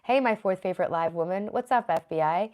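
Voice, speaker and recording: A woman's voice: fairly low pitch, brisk, a little mellow. A woman in her thirties streaming live from her home office, chatting casually and earnestly with viewers and thanking them by name. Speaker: live streamer reading chat. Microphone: computer at her desk.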